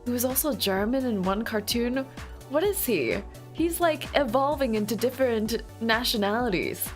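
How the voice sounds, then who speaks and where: A woman's voice: on the high side, expressive, normal speed, faint music behind. A woman streamer chatting casually with her viewers, playful and giggly, breaking into squealing outbursts now and then.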